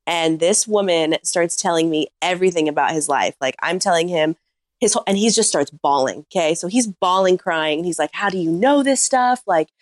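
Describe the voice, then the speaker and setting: A woman with a fairly low voice tells a funny story on a podcast, chatty and animated and leaning on "like." The sound is dry and close, with no room around her. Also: brisk, dry recording. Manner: animated anecdote-teller, heavy use of "like". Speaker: podcast guest. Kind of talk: casual comic storytelling.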